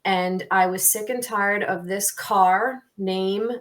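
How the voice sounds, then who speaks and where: A middle-aged woman co-hosting a podcast, telling a story in a lively, casual way and laughing often. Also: medium pitch, takes it slowly. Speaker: podcast co-host. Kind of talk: casual chat.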